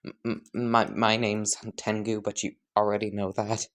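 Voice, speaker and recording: A man's voice: on the low side, little pitch movement, normal speed, clear, resonant tone, natural voice. A man doing a stuttering, skittish young demon. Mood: flustered. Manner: timid, hesitant.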